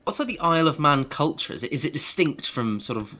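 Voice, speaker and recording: A man co-hosting a game stream, playful and quick with wordplay and asides. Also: on the high side, lively intonation, bright, forceful tone. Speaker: co-host and adviser on a game stream. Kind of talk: casual live-stream chat.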